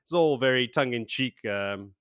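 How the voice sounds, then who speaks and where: A man's voice: mid-range voice, moderate pace, clear, resonant tone, no room sound, clean studio sound. A man co-hosting a podcast, recapping a book chapter in casual chat and acting out the characters' lines, with some swearing. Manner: animated retelling with acted quotes and swearing. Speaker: podcast co-host.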